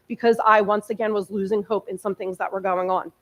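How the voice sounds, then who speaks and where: A woman's voice: mid-range voice, flat delivery, fairly quick, hardly any pauses. A woman in her early forties giving a candid, emotional personal testimony as a guest speaker in a church. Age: 40s. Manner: candid, conversational, emotional storytelling. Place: church sanctuary.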